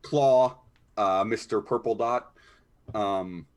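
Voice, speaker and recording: Low-voiced man playing a tabletop game. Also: slow, a little mellow. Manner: easygoing, thinks aloud with many fillers. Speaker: player. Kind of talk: casual tabletop game play.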